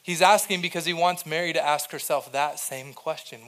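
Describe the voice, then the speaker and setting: A young adult male pastor preaching a sermon in a conversational way, moving between soft, quiet passages and emphatic, louder points. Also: a little high, fairly even intonation, normal speed.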